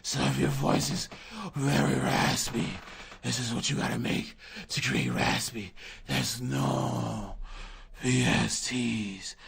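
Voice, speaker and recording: A man's voice: medium pitch, steady tone, slow pace, gravelly, fairly bright tone, breathy edge. A man producer giving a casual livestream tutorial, answering chat in a laid-back, slangy way and talking straight to viewers. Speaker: beat producer. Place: home music studio.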